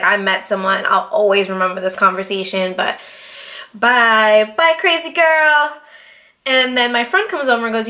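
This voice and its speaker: A woman in her late twenties from Boston, telling a story in a casual, animated way, swearing freely and acting out what people said. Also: medium pitch. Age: 20s. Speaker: vlogger.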